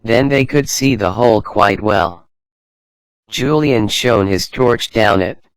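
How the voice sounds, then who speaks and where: A man narrating a children's adventure storybook in a slow, even reading manner. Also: on the low side, dry recording, rough recording.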